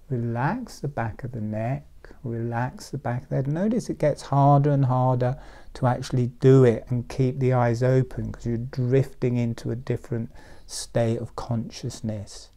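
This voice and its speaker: A man giving guided breathing and relaxation instructions in a calm, soft-spoken way, often trailing into near-whispers. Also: medium pitch, normal speed.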